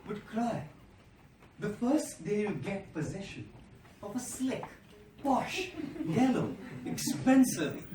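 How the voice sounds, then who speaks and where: High-voiced monk in echoey hall. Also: male voice, slight background noise. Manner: animated storyteller with rhetorical repetition. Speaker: monk and motivational speaker. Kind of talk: motivational speech with storytelling. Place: large indoor hall. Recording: echoey hall from a distant mic.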